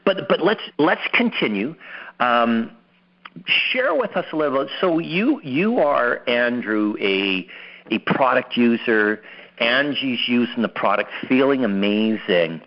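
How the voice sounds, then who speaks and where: A man's voice: mid-range voice, sing-song, slow, highs cut off. A man hosting an interview, upbeat, often repeating words as he starts a sentence. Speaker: host. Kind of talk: interviewing a guest.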